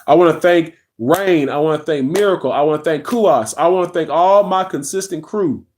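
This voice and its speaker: A man's voice: on the high side, normal speed, darkish tone, slight background noise. Rambling man ranting on a live stream. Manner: rambling, repeats words, restarts sentences; greets viewers by name mid-rant. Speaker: live streamer and content creator.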